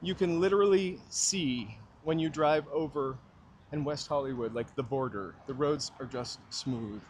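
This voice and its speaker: A man's voice: mid-range voice, measured pace, a little hiss or hum. A man hosting a walking livestream, chatting and joking in a rambling way outdoors on a city street, with a small mic clipped to his hat brim. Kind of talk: casual chat while walking.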